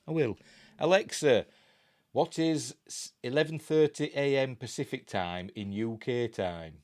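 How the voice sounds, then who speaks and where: A man's voice: medium pitch, unhurried, darkish tone, no room sound, clean studio sound. A man with a Yorkshire accent hosting a live news stream, reading articles aloud with chatty, joking asides.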